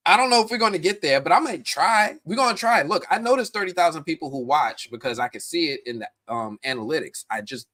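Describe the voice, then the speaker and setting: A man hosting a live stream, chatting casually and animatedly with viewers in the chat. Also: mid-range voice. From United States. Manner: animated, talks directly to chat viewers, many restarts.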